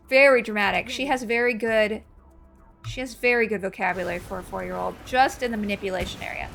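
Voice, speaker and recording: A woman's voice: mid-range voice, fairly even intonation, fast talker, gravelly, a bit bright, soft background music. A woman chatting casually while she streams a video game, telling stories and reacting to the play. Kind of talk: casual chat while gaming.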